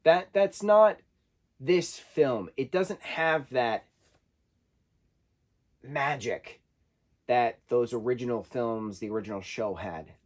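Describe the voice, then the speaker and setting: A man's voice: mid-range voice, slow pace, pauses often, darkish tone. Casual man rambling through a review. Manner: conversational, self-correcting, loosely rambling. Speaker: film reviewer.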